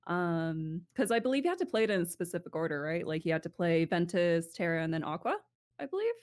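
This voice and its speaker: A woman's voice: lowish voice, sing-song, fast, a little mellow. A woman chatting as a podcast guest, blunt and laughing often, with frequent swearing. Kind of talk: casual chat.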